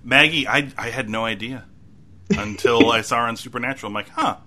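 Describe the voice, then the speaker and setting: Bright-voiced man rambling about TV. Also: mid-range voice, brisk. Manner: rambling, self-mocking, many restarts. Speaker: podcast co-host. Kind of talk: casual TV recap chat.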